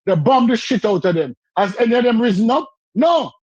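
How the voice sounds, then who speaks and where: A man's voice: extremely high pitch, lively intonation, a little fast, darkish tone, no echo, highs cut off. A man ranting in a heated podcast debate, building his point with repetition and mocking chants.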